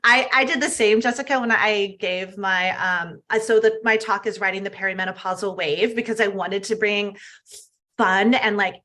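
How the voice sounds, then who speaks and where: Middle-aged woman guest, bright voice, earnest and upbeat interview talk. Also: medium pitch, fairly even intonation, moderate pace. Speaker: guest health coach. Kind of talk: casual interview chat.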